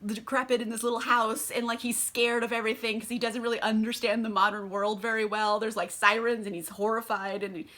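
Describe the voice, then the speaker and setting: Bright-voiced, chatty young woman vlogger. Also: on the high side, level tone, a little fast, few pauses. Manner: chatty, swears, lots of "like" fillers. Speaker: book vlogger. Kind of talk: casual book recap.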